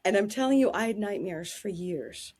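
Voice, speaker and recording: A woman telling anecdotes in a casual interview, animated and quick to laugh. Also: medium pitch, breathy edge.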